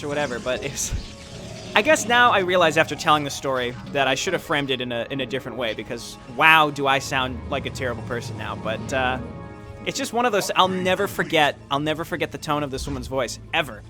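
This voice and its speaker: A man's voice: medium pitch, lively intonation, quick pace, pushed and bright. A young man casually commenting while playing a strategy game, rambling through stories and correcting himself as he goes. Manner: rambling, self-deprecating storytelling with frequent restarts. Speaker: gaming YouTuber. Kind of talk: casual let's-play commentary. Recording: game music playing underneath. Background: game music.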